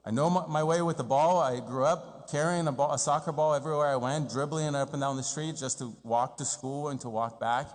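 A man's voice: on the high side, a little fast, few pauses. Man preaching in an echoing church. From Brazil. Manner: earnest, animated storytelling with acted-out quotes. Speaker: priest. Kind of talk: homily at a First Communion Mass. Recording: long church reverb.

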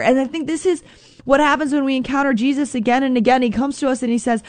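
A woman's voice: sits high, fairly even intonation, quick pace, no room sound. A woman giving an earnest faith reflection, repeating lines and acting out quotes in her own voice. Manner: earnest, repetitive, acts out quotes. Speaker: Catholic speaker.

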